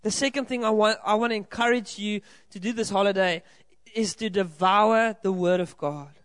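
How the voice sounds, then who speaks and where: A South African pastor with a high, fairly bright voice preaches to a congregation in a church hall at a normal speed. He is earnest and encouraging and addresses the people in front of him directly. His voice is smooth and there's no echo.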